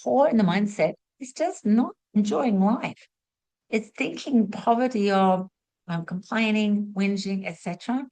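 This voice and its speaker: A woman's voice: mid-range voice, measured pace, poor audio. Chatty woman with a mid-range voice. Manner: chatty and expressive, acts out little quotes. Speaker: spiritual teacher hosting a masterclass. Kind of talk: motivational talk to camera.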